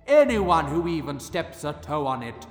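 A huge, grisly river troll booms out slow, shouted threats in a voice, as a man puts him on for a storybook. The delivery is drawn out and swings widely in pitch. Soft music plays behind. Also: big pitch swings, roomy sound, big-room sound. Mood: booming.

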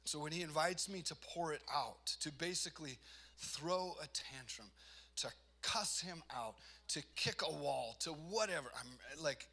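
A man's voice: on the high side, unhurried, pushed and bright. A man giving a personal testimony sermon, earnest and self-deprecating, building to emphatic, rising delivery. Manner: self-deprecating, laughs at himself.

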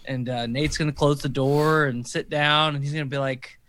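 A man's voice: fairly high pitch, fairly even intonation, moderate pace, fairly bright tone. A tired man co-hosting a casual podcast, talking in a laid-back, teasing way. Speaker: podcast co-host. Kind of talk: casual chat.

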